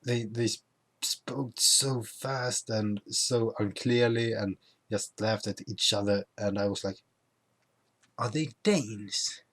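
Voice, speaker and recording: A young man who is not a native speaker of English chats through his travel vlog at an unhurried pace. His voice sits a little low, and he often stops to restart words or add fillers. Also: little pitch movement, fairly bright tone. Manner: halting, many restarts and fillers. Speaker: vlogger. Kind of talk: casual travel vlog chat.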